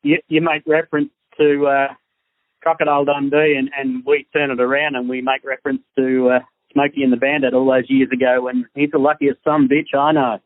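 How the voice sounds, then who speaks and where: A man's voice: medium pitch, level tone, brisk, no room sound. Australian man on a tinny phone line. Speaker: guest. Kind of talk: casual chat.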